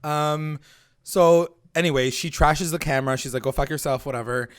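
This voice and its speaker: Male podcast co-host, casual and profane, mid-range voice, animated quoting of characters. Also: on the high side, moderate pace, clear, resonant tone. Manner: loose, profane, acts out characters' lines. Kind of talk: casual recap chat.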